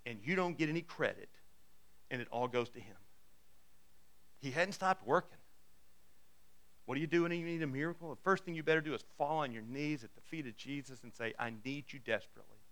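A man's voice: lively intonation, brisk, pauses often, a bit bright. A man preaching a sermon, retelling a Bible story in casual words and acting out the characters' lines. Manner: lowers his voice for the closing appeal. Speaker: pastor.

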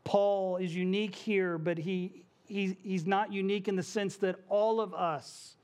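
A man's voice: sits high, fairly even intonation, a little slow, a little mellow. A male pastor preaching a sermon to his congregation in a church, conversational, with asides and small jokes. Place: church sanctuary.

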